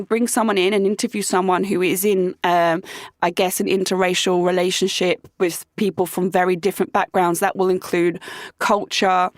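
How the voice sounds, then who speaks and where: A woman's voice: medium pitch, no echo, studio quality. A young adult woman hosting a casual solo podcast, talking frankly and chattily, swearing freely and saying "like" often. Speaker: podcast host.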